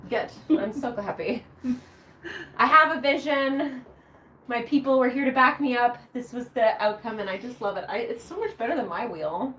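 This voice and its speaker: Peppy woman hosting a live shopping stream, bright voice, a bit high, faint hiss behind. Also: animated, normal speed. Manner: bubbly, chanting and cheering during wheel spins. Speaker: live shopping show host. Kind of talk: upbeat live sales presentation.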